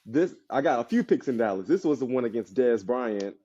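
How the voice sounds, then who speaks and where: A man's voice: medium pitch, animated, brisk, warm tone, breathy edge, muffled recording. A man who played pro football, telling stories bluntly as a podcast guest in casual chat. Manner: loose storytelling, blunt.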